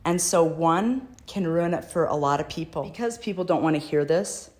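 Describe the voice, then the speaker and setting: A woman's voice: deep voice, lively intonation, normal speed, darkish tone. A middle-aged woman, a mother, speaking earnestly and emotionally in a personal video address, pleading for someone to do the right thing. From United States.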